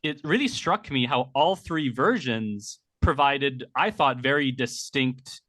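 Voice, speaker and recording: A man's voice: mid-range voice, pushed and bright, no room sound. A man hosting an interview, asking long, detailed, well-articulated questions. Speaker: interviewer host.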